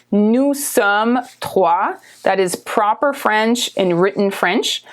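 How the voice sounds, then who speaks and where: Woman with a Canadian accent teaching. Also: medium pitch. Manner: slow, careful repetition of words, frequently asking "okay?". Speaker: French teacher. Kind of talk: language lesson.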